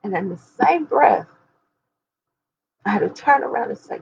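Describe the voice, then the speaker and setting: A woman's voice: medium pitch, expressive, moderate pace, gravelly, darkish tone, breathy edge, muffled recording. A woman of forty talking candidly and emphatically to her viewers, speaking straight to them like a preacher. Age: 40s. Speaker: host. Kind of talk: candid personal talk to viewers.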